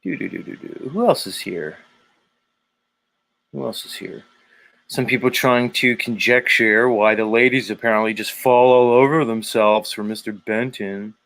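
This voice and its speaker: Gravelly, crude-joking livestream host man. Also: mid-range voice, measured pace, fairly bright tone. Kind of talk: casual livestream chat reading comments.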